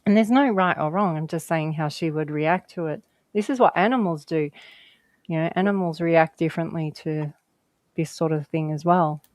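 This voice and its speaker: A woman's voice: low-pitched, moderate pace, darkish tone, no echo. A woman guest telling stories in casual conversation, chatty and rambling, laughing often.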